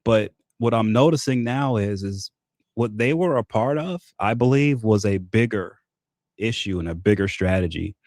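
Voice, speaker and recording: A man's voice: on the low side, lively intonation, moderate pace, a little mellow, no room sound, studio quality. A man giving a political commentary monologue, rambling and laughing often, stumbling over repeated words. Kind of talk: casual monologue.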